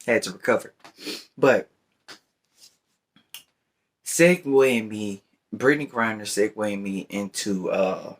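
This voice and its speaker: A deep-voiced man shares his opinions in an easygoing, rambling vlog. He speaks at an unhurried, drawn-out pace, with a voice that sits fairly low. He keeps circling back to the listener with a repeated conversational check-in. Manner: rambling, repeats "you know what I'm saying". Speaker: vlogger. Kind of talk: casual opinion talk while smoking.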